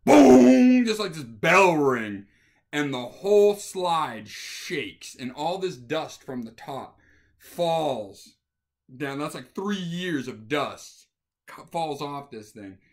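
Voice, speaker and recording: A man telling a casual anecdote, acting out the scenes with voices. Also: medium pitch. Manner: animated, acts out scenes with voices. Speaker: storyteller.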